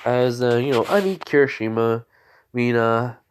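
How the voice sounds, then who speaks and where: A man improvising a fan story, rambling and halting with many fillers, on a dull lo-fi recording. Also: mid-range voice, clean tone.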